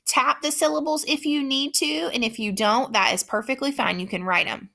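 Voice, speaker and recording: A woman teacher giving a spelling dictation lesson, speaking slowly and repeating each word with patient care. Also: high voice, gravelly, bright, forceful tone. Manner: slow, patient, repeats words carefully.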